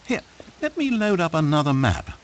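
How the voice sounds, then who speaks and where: A man's voice: fairly high pitch, sing-song, normal speed, slight background noise. A man playing a game's sardonic male narrator, who reproaches the player directly with dry, needling asides. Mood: sarcastic. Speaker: game narrator. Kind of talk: scripted game narration.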